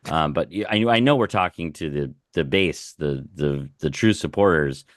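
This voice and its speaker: A man, a comedian guest, talking in a measured, thoughtful way on a radio panel. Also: rumbling low, dry recording, studio quality. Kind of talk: casual panel chat. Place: radio studio.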